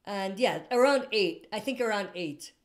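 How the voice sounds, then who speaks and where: A woman's voice: mid-range voice, lively intonation, normal speed. A woman hosting a casual live stream, reading out viewer comments and answering in a rambling way, often stopping to correct herself. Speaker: livestream host answering viewer questions.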